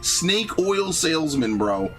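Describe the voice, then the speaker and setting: Faint music plays behind a young man with a voice on the high side, speaking slowly as he hosts a gaming channel. Chatting casually over gameplay, he rants animatedly, curses freely, and drops "bro" and "dude" constantly.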